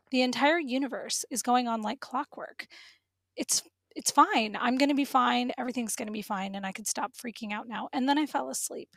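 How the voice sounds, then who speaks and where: Woman guest, fairly high voice, dry close mic, animated emotional storyteller. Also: no echo. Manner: animated, emotional, laughs often. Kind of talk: personal storytelling.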